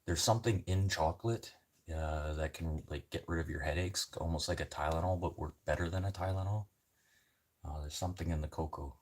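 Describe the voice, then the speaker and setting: A Canadian man with a darkish bass voice talks fairly quickly while chatting with viewers on his livestream. He rambles from story to story, swearing heavily as he goes.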